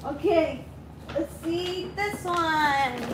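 A mother on a live stream, talking to her toddler in a high sing-song baby voice while opening gifts. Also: drawn-out words, noisy background. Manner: gasping, cooing with delight. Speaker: mother and vlogger.

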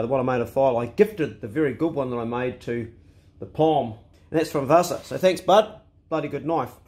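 A man's voice: mid-range voice, darkish tone. A man with a New Zealand accent, a rural vlogger chatting casually outdoors on his farm in a laid-back, colloquial way. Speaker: vlogger and homesteader. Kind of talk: casual vlog chat.

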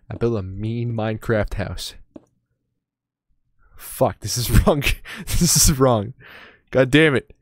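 A young male streamer talks through his game in a rambling, joking way, often poking fun at himself. His voice sits in an ordinary middle pitch. The sound is close and dry, with no room around it. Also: animated, takes it slowly, dry recording. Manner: joking, rambling, self-mocking. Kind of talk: casual gaming commentary.

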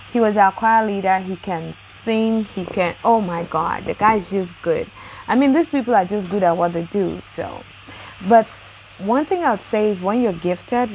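A woman's voice: mid-range voice, slight background noise, poor audio. Chatty, effusive woman hosting a Bible channel. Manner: chatty and effusive, with frequent exclamations. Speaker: host of a daily Bible reading channel. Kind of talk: casual chat with birthday shout-outs.

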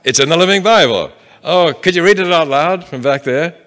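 Bright-voiced man teaching a Bible class. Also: a little high, expressive, normal speed. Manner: conversational, reads scripture aloud and questions the audience. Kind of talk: interactive Bible class lecture. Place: meeting room with a live audience.

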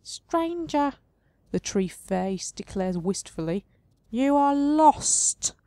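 A mournful old tree spirit from a fantasy game sighs out its words slowly and wistfully, as a woman puts it on. The voice sits high above her usual pitch and stays mellow rather than bright. The sound is close and dry. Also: big pitch swings, no room sound, exaggerated voice. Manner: wistful, sad, slow and drawn out. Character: sorrowful ancient tree spirit with a face.

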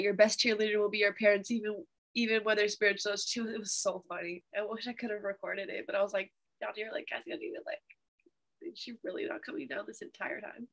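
A young woman teaching a Bible study, telling a testimony in an animated, chatty way with fillers. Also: medium pitch.

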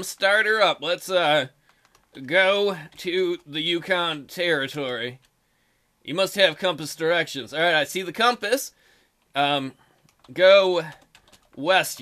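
Reading game text out loud and cracking crude jokes, this let's play host speaks in a high voice that's pushed and bright, a little on the slow side. Keyboard typing can be heard in the background of his casual gaming commentary.

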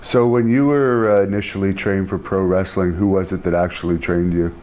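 Deep-voiced male interviewer. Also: steady tone, fairly quick, a little mellow, a little hiss or hum. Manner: brief, asks direct questions. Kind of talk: interview questions.

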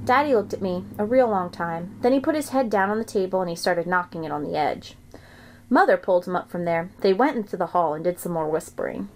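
A woman's voice: lowish voice, fairly quick, slight background noise. Woman reading a children's book aloud.

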